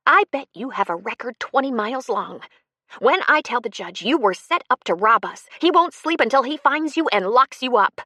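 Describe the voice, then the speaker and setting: Brief: furious adult woman in an audiobook, demanding and sharp, voiced by the female narrator. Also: fairly high pitch, expressive, normal speed, no room sound, studio quality, pitched above the performer's own voice. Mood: threatening. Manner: angry, demanding, rising to panicked shouts. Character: furious adult woman confronting a con man.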